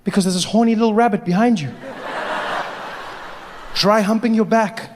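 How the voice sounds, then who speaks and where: A man doing stand-up comedy, animated and quick to jump into voices, on a stage mic in a large hall. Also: high-pitched, background noise.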